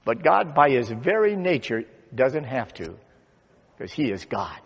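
Slow, expressive pastor preaching in a church. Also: male voice, mid-range voice, vocal fry, breathy edge. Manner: slow, dramatic pauses and swelling emphasis. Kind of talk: sermon. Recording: dull sound with long church reverb.

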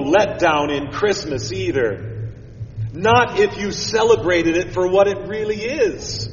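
A male pastor delivering a sermon in a slightly higher voice, dropping low and quiet then rising with emphasis. He is picked up from a distance in a big church, with a long reverb and a dull, muffled tone. A faint hiss sits under it. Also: takes it slowly. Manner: expressive, swings from hushed to emphatic. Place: church sanctuary. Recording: echoey church hall from far off, dull sound, faint hiss.

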